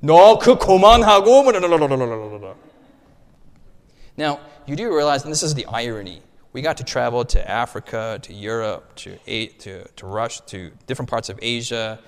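Guy pastor telling stories in a sermon, lively and chatty, lots of restarts, big echoey church hall. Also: medium pitch, a little fast, few pauses, clear, resonant tone. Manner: animated, conversational, many restarts and asides. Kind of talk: storytelling sermon. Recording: long hall reverb.

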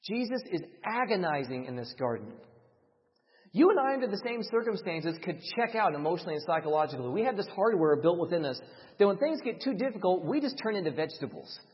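A man preaching a sermon with dramatic delivery that swings between loud emphasis and hushed lines. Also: sits high, big pitch swings, fast talker. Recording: dull, reverberant hall sound.

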